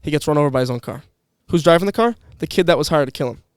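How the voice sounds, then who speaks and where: A man's voice: a little high, lively intonation, rapid-fire, clear, resonant tone, dry recording, studio quality. A young man chatting casually on a podcast, telling rambling stories with restarts and laughs. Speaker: podcast guest, former employee. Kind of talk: casual chat.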